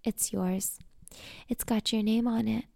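A woman reading the part of a relaxed, sweet-talking high school jock in an audio story, barely changing her own voice. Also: unhurried, gravelly, dry recording, clean studio sound. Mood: laid-back. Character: high school jock boy, easygoing and smooth.

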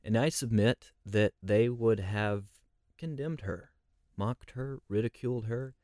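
A man's voice: fairly low pitch, unhurried, mellow, no echo, studio quality. A man leading a conversational Bible study, reflective and posing rhetorical questions.

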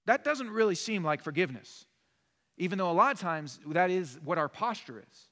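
A man's voice: high voice, animated, normal speed, pushed and bright, long reverb tail. A male pastor preaching a sermon in an earnest, emphatic, conversational way. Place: church sanctuary.

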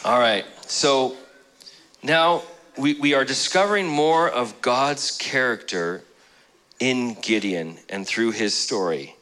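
A man's voice: medium pitch, expressive, slow, sharp tone, low-quality recording. A male pastor preaching a sermon in a joking, conversational storytelling way.

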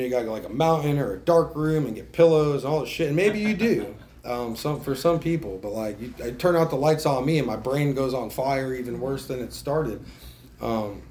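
A man's voice: mid-range voice, darkish tone, slight background noise. A man telling his recovery story at a meeting, casual and profane, self-mocking, with lots of fillers and restarts. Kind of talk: candid spoken testimony.

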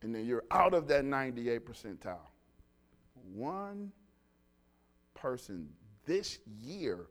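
A man preaching a lively sermon, telling stories and calling the congregation to respond. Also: mid-range voice, takes it slowly, long pauses. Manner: animated, call-and-response with congregation.

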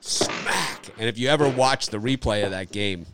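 A man with a fairly low voice hosts a loose sports betting chat. He rambles and repeats himself with easy enthusiasm. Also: quick pace, background noise. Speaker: sports betting show host. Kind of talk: casual sports chat and storytelling.

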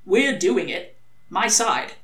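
A woman's voice: medium pitch, lively intonation, fairly bright tone. A woman voicing a sly male demon who presses his arguments urgently. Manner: pushy, fast-pressing arguments. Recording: echoey room.

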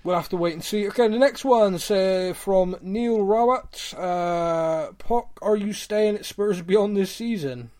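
Young West Country man, slightly higher pitched, co-hosting a podcast with a jokey, chatty delivery. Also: a little slow, few pauses, a little mellow. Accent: West Country English. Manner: chatty, jokey, reads out listener questions. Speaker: podcast co-host. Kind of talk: casual podcast chat.

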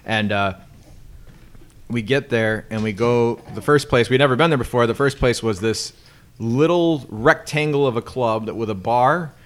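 A man's voice: mid-range voice, moderate pace, a bit bright. A man hosting a podcast, telling a long story in casual chat, rambling and laughing often. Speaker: podcast host.

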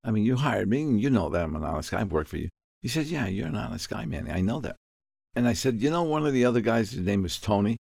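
Older guy, gravelly husky voice, low-ish, tells a story and does all the voices, dry close sound. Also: quick pace, dry recording. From Puerto Rico. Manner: animated, acts out dialogue with sudden high-pitched outbursts. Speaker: guest. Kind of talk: storytelling interview.

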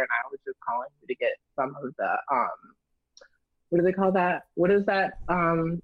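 A woman's voice: on the low side, moderate pace, no echo, phone-quality sound. Blunt young woman telling a raunchy story. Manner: blunt, candid and profane, lively animated retelling. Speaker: storyteller guest. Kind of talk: casual storytelling chat.

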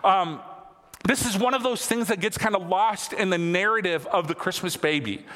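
A man in his thirties delivers a sermon with a bright, forceful voice pitched a little high. He talks conversationally, repeats phrases for emphasis and climbs to excited peaks. The sound carries a long reverb from a church hall. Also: moderate pace. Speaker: pastor.

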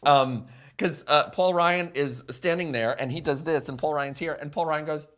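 A man's voice: a little high, moderate pace. A man hosting a casual podcast panel, telling stories animatedly and acting out quotes. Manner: animated storyteller, acts out quotes. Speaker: podcast host.

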